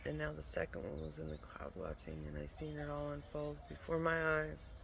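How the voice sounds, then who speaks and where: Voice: medium pitch, normal speed, gravelly, a bit bright. A tired vlogger who talks about spiritual visions in a rambling way, swearing often and sometimes dropping into a whisper. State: exhausted from lack of sleep. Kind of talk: casual spiritual monologue. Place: at home with a pet dog nearby. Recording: noisy home recording.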